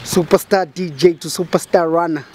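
A man's voice: a little high, fairly even intonation, moderate pace, darkish tone, slight background noise. A man teasing a friend in a casual, playful chat.

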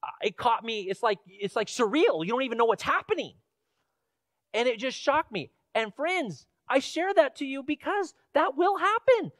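Brief: high-voiced male pastor, chatty storytelling sermon, dry close sound. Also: lively intonation, moderate pace, a bit bright, no room sound. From Washington State, USA. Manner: conversational storytelling with fillers, rising to emphatic questions. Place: church sanctuary.

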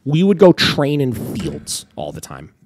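A man's voice: mid-range voice, wildly swooping pitch, measured pace, a little mellow, a little hiss or hum. A young man hosting a dog training podcast, explaining emphatically in a casual way, often asking "right?" and swearing now and then.

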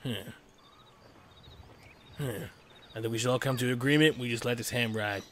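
Brief: bright, wisecracking male gamer host, casual voice chat banter. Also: mid-range voice, moderate pace, slight background noise. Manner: joking, teasing banter. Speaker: gaming channel host.

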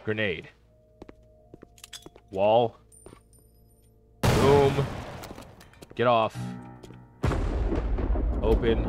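A man hosting a gaming channel, giving casual commentary on a horror game, talking to himself and yelling when panicked. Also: mid-range voice. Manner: excitable, talks to himself and yells in panic.

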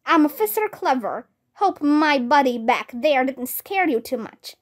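A woman's voice: high voice, expressive, a little slow. A woman reading the lines of a friendly, grinning male police officer in a cheerful, jokey way.

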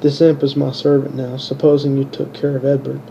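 A man's voice: medium pitch, monotone, a little fast, vocal fry, warm tone, muffled recording, a little hiss or hum, close to an everyday voice. A man reading the lines of a cool, commanding young princess in his own plain voice, without putting on a female voice. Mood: calm. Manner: plain, barely changed reading voice.

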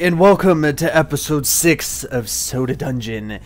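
A man casually commenting on his gameplay, rambling and excitable, swearing at enemies. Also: a little high, a little slow. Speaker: gaming channel host. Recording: faint game music behind. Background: game music.

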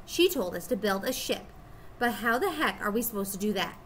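A woman's voice: mid-range voice, expressive, brisk, a bit bright, slight background noise, lightly acted. Woman reading as a sulky, snappish young boy. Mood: muttering. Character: stubborn, easily upset young boy.

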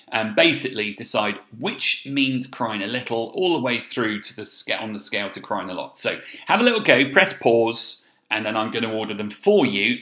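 A male primary school teacher with an English accent, recording a remote reading lesson for children. His voice is bright and rises and falls a lot as he thinks aloud and checks in with the class. The room around him echoes. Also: mid-range voice. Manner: encouraging, thinks aloud, repeats "okay?".

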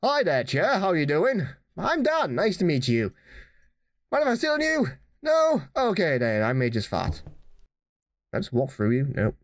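A man giving dry, deadpan let's play commentary while playing a horror game. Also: on the high side, measured pace, pauses often.

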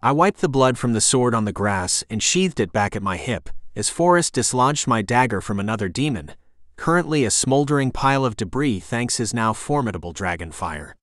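Male audiobook narrator, mid-range voice, steady and gritty first-person reading, dry close recording. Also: medium pitch, moderate pace, no echo.

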